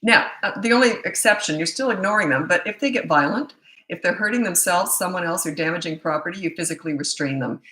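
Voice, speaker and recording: A middle-aged woman coach fields parenting questions live, her low voice fraying as it gives out. She speaks with a bright, forceful edge. The sound bounces around a roomy space. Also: quick pace. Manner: blunt, casual, loses track mid-thought. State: losing her voice. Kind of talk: live Q&A, answering viewer questions.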